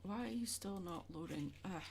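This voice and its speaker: A woman's voice: on the low side, expressive, moderate pace, creaky, noisy background. A young woman chatting casually with her viewers during a drawing livestream, rambling and answering questions as she goes. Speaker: art streamer.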